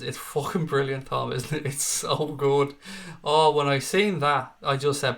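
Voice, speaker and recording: His voice is gravelly and fairly bright, medium in pitch, with fairly even intonation and a moderate pace. A young Irish man, he hosts a casual live stream, reading out chat comments and replying bluntly with plenty of swearing.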